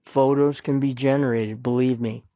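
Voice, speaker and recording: A man's voice: mid-range voice, steady tone, moderate pace, warm tone, no room sound, highs cut off. A man hosting a podcast, giving earnest, plain-spoken advice and repeating his points for emphasis. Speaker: podcast host. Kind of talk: personal advice talk.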